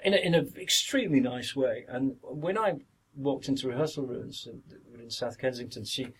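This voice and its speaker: This actor, an older man from Yorkshire in northern England, tells stories as a podcast guest, rambling, repeating words, and now and then performing others' lines. He speaks at normal speed in a mid-range voice. The recording is low quality with slight background noise.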